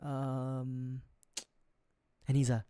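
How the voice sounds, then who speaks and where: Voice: medium pitch, completely flat delivery, extremely slow, noisy background. Joking video game streamer. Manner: joking, drops suddenly to a hushed mutter. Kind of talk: casual gaming livestream commentary.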